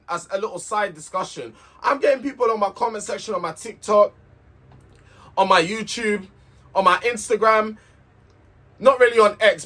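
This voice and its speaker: A man's voice: sits high, a bit bright. A man recapping a reality show in a casual, heated, sweary rant, repeating himself as he vents.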